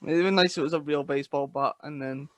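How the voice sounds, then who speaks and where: Young man, podcast co-host, dry jokes, slightly high voice, close dry mic. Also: steady tone, fast, a bit bright, no room sound. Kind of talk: casual chat.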